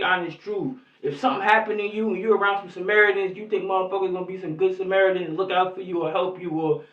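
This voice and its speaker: A man giving angry, rambling vlog commentary in heavy street slang, cursing constantly. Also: high-pitched. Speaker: YouTube commentator. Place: lives in New York. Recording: echoey, distant, muffled lo-fi sound.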